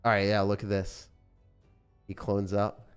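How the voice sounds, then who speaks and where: Young guy streamer rambling to chat, kinda low voice, lots of likes and uhs. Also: unhurried, clean tone, soft background music. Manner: relaxed, rambling, lots of fillers. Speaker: gaming streamer. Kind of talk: casual sponsored stream chat.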